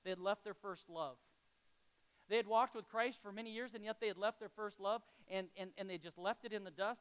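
A man delivers a sermon in a high, smooth and resonant voice. He talks in a conversational, storytelling way, often turning to the congregation with questions. It sounds like an easygoing pastor speaking from the pulpit. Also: a little fast, poor audio.

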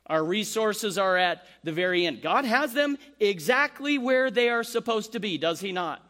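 A man preaching a sermon, animated, acting out the complaints he quotes. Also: high-pitched, moderate pace. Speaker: pastor.

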